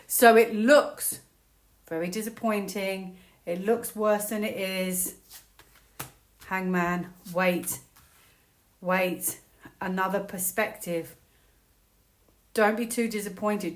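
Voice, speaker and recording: A woman from the United Kingdom giving a casual solo tarot reading, musing aloud and breaking into excited, laughing exclamations. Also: mid-range voice, roomy sound. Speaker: tarot reader.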